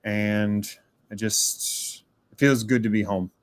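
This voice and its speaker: A man's voice: fairly low pitch, fairly even intonation, takes it slowly, no echo. A man leaving a rambling, casual voice message for a podcast, tagging "eh" onto his sentences. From Minnesota, USA. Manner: rambling, ends sentences with a questioning "eh".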